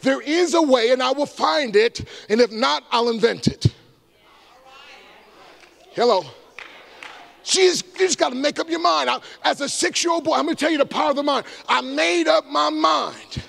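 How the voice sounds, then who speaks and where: A man, an evangelist giving an energetic motivational talk to a live audience, with shouted call-and-response. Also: very high-pitched, normal speed, vocal fry. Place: large room before a live audience.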